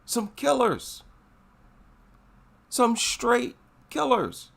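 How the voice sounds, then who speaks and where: A man's voice: very high-pitched, sing-song, very slow, vocal fry, a bit bright. A man giving casual, emphatic commentary, repeating his points for effect. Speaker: MMA commentary vlogger.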